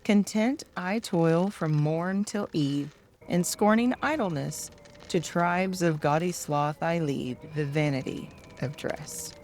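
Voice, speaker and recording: A hardworking bee answers with mild, gentle reproof, in an older woman's reading voice. The delivery is slow and low-pitched, calm as a bedtime storybook poem. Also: a little hiss or hum. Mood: reproving.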